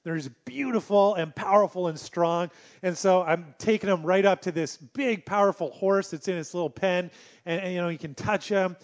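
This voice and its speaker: A male pastor delivering a sermon in a conversational, storytelling way with gentle humor. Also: high-pitched, moderate pace.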